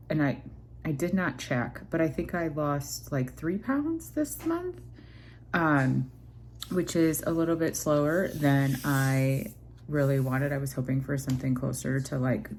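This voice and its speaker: A woman's voice: low voice, expressive, unhurried, a little mellow, slight background noise. A young woman chatting casually to camera in a home vlog, rambling with many fillers and restarts. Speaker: vlogger.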